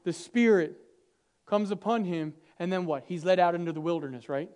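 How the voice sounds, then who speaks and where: A man delivers a sermon in a fairly high voice. He drops to near-whispers for weight, then climbs into loud, animated stretches. He plays out bits of dialogue with a light, humorous touch. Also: moderate pace, clean tone. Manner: dynamic, swings from hushed to loud and animated; acts out quoted dialogue with humor. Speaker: preacher.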